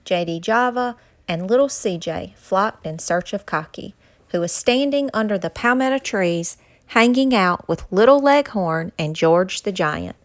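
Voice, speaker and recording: A woman's voice: mid-range voice, animated, unhurried. A woman reading a children's picture book aloud with dramatic, suspenseful narration. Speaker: storyteller. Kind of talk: storybook read-aloud.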